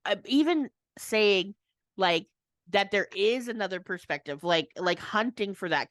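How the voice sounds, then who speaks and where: A woman's voice: mid-range voice, a bit bright, no room sound. A woman co-hosting a casual chat, rambling and laughing often as she restarts her thoughts. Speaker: co-host.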